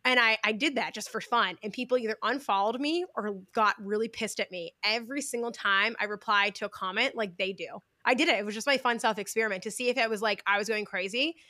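A young adult woman hosting a podcast in casual chat, intense and emphatic, as if she were always yelling. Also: a little high, fast, few pauses, no echo, clean studio sound. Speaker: podcast host. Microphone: video call.

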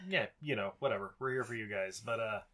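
A man's voice: on the low side, fast talker. A man co-hosting a podcast, chatting casually and laughing often. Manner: laughing, animated banter. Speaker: podcast co-host. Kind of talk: casual chat.

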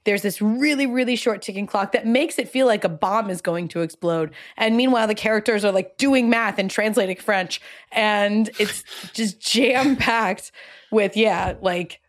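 A woman's voice: mid-range voice, moderate pace. A woman co-hosting a podcast, talking enthusiastically in casual chat about a TV episode. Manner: enthusiastic, animated storytelling. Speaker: podcast co-host.

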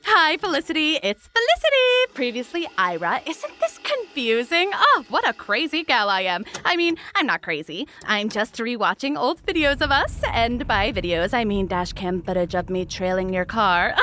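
A woman's voice: a little high, sing-song, normal speed, hardly any pauses. A woman playing a chirpy, unsettling stalker leaving phone messages. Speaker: stalker caller. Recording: background noise.

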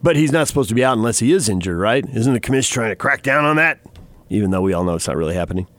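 A man's voice: on the low side, lively intonation, very fast, a bit bright, no echo. A man hosting a sports radio show in a studio. He breaks down the game, teases his co-host and reads scores. The sound is close and dry. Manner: chatty, teasing, laughs often. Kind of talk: sports radio chat and news update.

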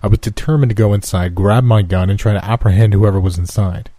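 A man narrating a first-person scary story in a slow, measured, suspenseful reading. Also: fairly low pitch, mellow, no echo.

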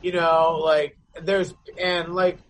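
A man's voice: on the high side, level tone, slow pace, a bit bright, poor audio. A man in a band telling a long, rambling story in casual chat, swearing constantly and packing his talk with fillers.

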